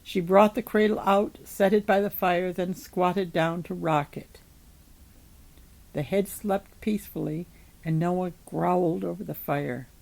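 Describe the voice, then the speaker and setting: A woman reading a novel chapter aloud in an even, measured storytelling manner. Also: lowish voice, vocal fry, rough recording.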